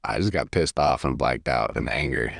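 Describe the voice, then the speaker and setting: A man's voice: a bass voice, lively intonation, moderate pace, vocal fry, a bit bright, slightly rough, dry recording, clean studio sound. A young man from California co-hosting a podcast, chatting casually and laughing as he quotes himself. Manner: laughing, quoting himself with raised voice. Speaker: podcast co-host. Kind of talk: casual chat.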